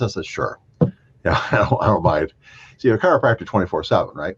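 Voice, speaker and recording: Older man telling animated stories. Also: lowish voice, fairly quick, husky, dry recording. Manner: animated anecdotes, acting out quoted voices, chuckling. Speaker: chiropractor and podcast guest. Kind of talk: storytelling interview. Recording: dull lo-fi dry sound.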